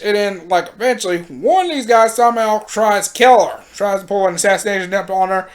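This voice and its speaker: Slangy animated woman recapping anime. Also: medium pitch, fairly quick, hardly any pauses. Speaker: anime reviewer. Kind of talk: casual anime recap commentary.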